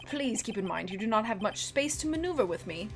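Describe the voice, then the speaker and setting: A woman's voice: mid-range voice, sing-song, a little fast, soft background music. A woman reading a polite, menacing male assassin in a put-on British accent, formal and coolly threatening. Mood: polite menace. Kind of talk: reading game dialogue aloud.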